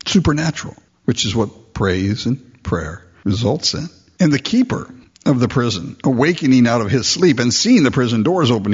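A man preaching a sermon, explaining the text with animated asides and mocking voices. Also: mid-range voice, husky. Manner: lively expository preaching with mock voices and asides. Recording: dull lo-fi recording.

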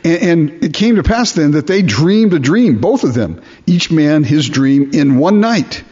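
A male preacher with a somewhat high, husky voice delivers a sermon. He works through scripture and keeps asking his listeners rhetorical questions. The recording is dull and lo-fi. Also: lively intonation, measured pace, warm tone.

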